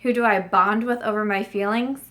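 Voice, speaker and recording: A woman's voice: medium pitch, steady tone, a little fast, fairly bright tone. A woman in her thirties vlogging casually to camera as a book reviewer, chatty, with frequent restarts and fillers.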